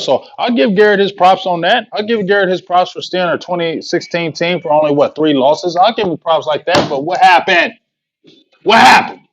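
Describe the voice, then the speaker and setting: A man's voice: high voice, highs cut off. A man hosting a sports fan livestream, ranting with heated rhetorical questions and slangy trash talk. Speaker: sports show host. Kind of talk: fan commentary livestream rant.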